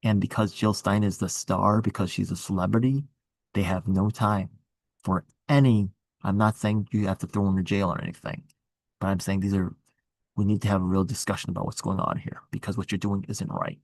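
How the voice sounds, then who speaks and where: This political candidate talks over his campaign in a relaxed chat, earnest and rambling, with many restarts. His deep voice is level, brisk and a little mellow, free of echo.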